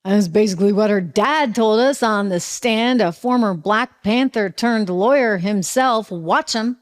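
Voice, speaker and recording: A woman's voice: medium pitch, unhurried. A woman with a New England accent hosting a talk show, giving opinionated political commentary in a sarcastic, conversational way full of rhetorical questions.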